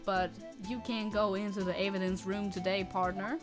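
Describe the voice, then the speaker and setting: A woman's voice: medium pitch, steady tone, normal speed, music in the background, close to an everyday voice. Woman reading as laid-back cowboy detective. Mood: easygoing.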